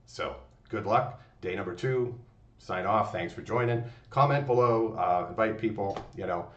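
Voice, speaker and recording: Motivational host, man, very low voice, rambling folksy delivery, dull echoey recording. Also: normal speed. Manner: rambling, folksy, many fillers and restarts. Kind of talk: motivational talk. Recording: distant, roomy, dull lo-fi sound.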